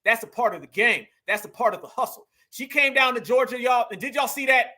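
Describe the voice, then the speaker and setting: A man in talks straight to his audience like a preacher, calling them family. His voice sits high and rings bright. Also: lively intonation, brisk. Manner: preachy, addresses viewers as family and y'all. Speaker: political commentary host. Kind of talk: casual political commentary.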